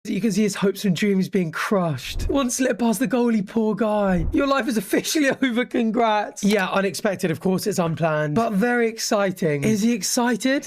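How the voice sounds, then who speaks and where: A man's voice: high-pitched, slight background noise. A man narrating a reaction video with dry, sarcastic jokes. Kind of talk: scripted commentary with jokes.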